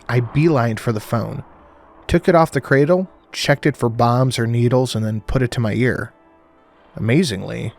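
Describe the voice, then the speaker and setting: A man reading a creepy story aloud in a mid-pitched, ordinary voice, conversational and dramatic. Faint music plays behind him. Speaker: narrator. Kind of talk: horror audiobook narration.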